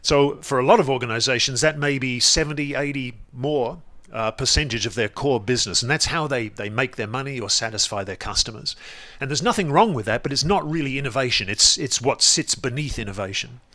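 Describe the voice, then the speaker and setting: A man giving a relaxed, explanatory lecture in front of a presentation screen, with frequent restarts. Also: mid-range voice, brisk.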